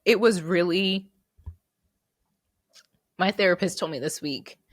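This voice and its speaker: A woman's voice: lowish voice, slow pace, no echo, clean studio sound. A woman hosting her podcast solo, reflecting earnestly and fighting back tears, with restarts and repeated words. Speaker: podcast host.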